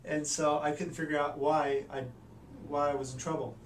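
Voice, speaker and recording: A man, a doctor, telling a personal story in an earnest, halting way, with many restarts. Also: fairly high pitch, slight background noise. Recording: echoey room, mic at a distance.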